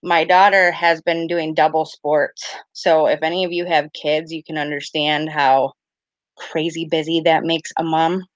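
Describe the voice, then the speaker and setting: Low-voiced chatty woman in her thirties. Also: flat delivery, unhurried, no room sound. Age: 30s. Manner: rambling, chatty, full of "like" and "I was like"; greets chat viewers warmly by name. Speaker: live-stream card reader. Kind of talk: casual live-stream chat. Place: home at night.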